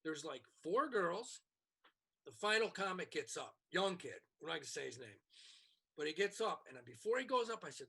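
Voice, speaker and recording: A man co-hosting a podcast, telling a comedy club story in a casual, animated way and acting out the people he quotes. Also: on the high side, normal speed, creaky, slightly rough.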